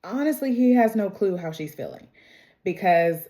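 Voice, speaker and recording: A woman's voice: medium pitch, lively intonation, normal speed, mellow. A young adult woman casually recapping a TV episode, chatty and full of "like" and "you know," retelling scenes by quoting the characters. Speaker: show recap vlogger.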